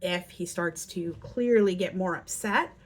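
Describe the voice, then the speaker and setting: A parenting educator with a lowish voice speaks a little slowly, earnestly instructing parents on handling children's behavior. She acts out example lines in lively voices.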